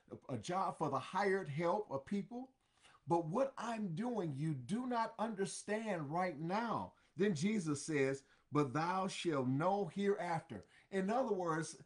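A man preaching a sermon, drawing out each scripture phrase and then repeating it in plain words. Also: on the high side.

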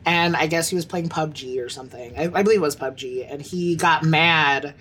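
A man's voice: a little high, fairly quick, sharp tone, slight background noise. A man co-hosting a podcast in casual chat, talking bluntly and heatedly and swearing freely. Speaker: podcast co-host.

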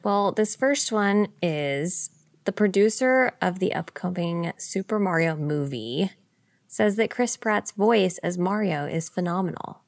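A woman's voice: fairly low pitch, creaky, no room sound. A woman co-hosting a podcast, chatting casually and reading the news in a playful way, often laughing. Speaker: podcast co-host.

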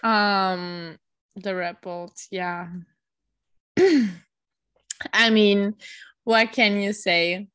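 Slow, dry-sounding chatty woman. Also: mid-range voice, fairly even intonation, fairly bright tone, smooth, dry recording. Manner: unhurried, many fillers, swears casually. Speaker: podcast co-host. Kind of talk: casual chat.

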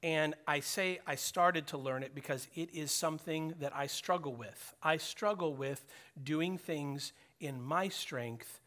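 A man's voice: on the high side, unhurried, few pauses, pushed and bright. A middle-aged man preaching a sermon in a conversational way, acting out prayers and dialogue as he speaks. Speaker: pastor.

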